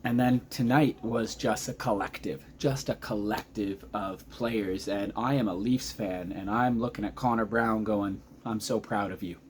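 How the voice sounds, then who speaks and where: A man in his thirties giving a casual, excitable recap of a hockey game as a vlogger, chatty and often losing his thread. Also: lowish voice, unhurried, hardly any pauses, slight background noise. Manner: excitable, chatty, loses track mid-sentence.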